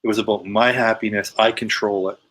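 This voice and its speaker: A man's voice: on the low side, steady tone, a little fast, a bit bright. A man guest telling a personal story in casual, emphatic conversation. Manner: emphatic, retelling with quoted dialogue.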